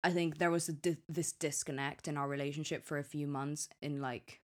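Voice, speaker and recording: A woman's voice: low voice, steady tone, a little fast, a little mellow. A young woman co-hosting a podcast, telling a story in casual chat with many restarts and acted-out quotes. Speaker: podcast co-host.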